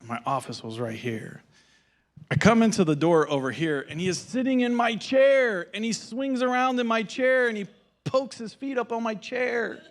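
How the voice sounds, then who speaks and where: A man's voice: very high voice, moderate pace. A male pastor giving a sermon in a casual storytelling manner and acting out the dialogue.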